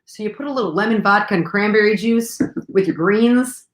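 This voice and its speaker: A woman hosting a casual live chat, animated and talkative, jumping from topic to topic. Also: mid-range voice, fairly quick, reverberant. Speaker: host.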